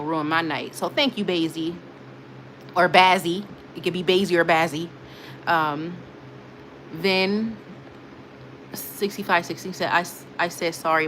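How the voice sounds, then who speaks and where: A woman hosts a late-night livestream in an easy, middle-pitched voice, chatting straight to her viewers as she reads their comments. She talks animatedly and repeats herself, swinging between gushing and brushing off trolls. A faint hiss of noise sits under the recording. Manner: animated, emotional, laughing often, repeats herself. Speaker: livestream host. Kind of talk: casual live chat reading viewer comments.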